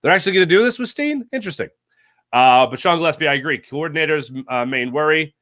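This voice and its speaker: A man's voice: on the high side, expressive, fast talker, fairly bright tone, no echo, studio quality. A man hosting a casual sports talk stream, reading viewer comments aloud and reacting in a rambling, jokey, self-correcting way. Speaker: sports talk show host.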